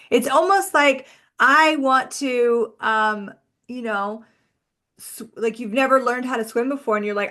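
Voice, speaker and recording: A woman hosting a self-help podcast, talking reflectively in a casual, musing way, often slowing down and drawing out words. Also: fairly high pitch, pushed and bright. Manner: musing, conversational, uses "like" a lot. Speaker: podcast host and energy coach.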